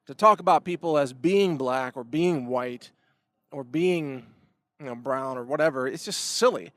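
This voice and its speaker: A man delivering a political commentary monologue, ranting with sharp emphatic swings and frequent word repeats on restarts. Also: medium pitch, unhurried, no echo. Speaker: commentary show host.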